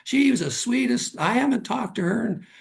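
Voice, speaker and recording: A man's voice: very high-pitched, expressive, moderate pace, vocal fry, breathy edge, voice pushed up, exaggerated voice. A man putting on the voice of a delighted elderly grandmother while retelling a phone call.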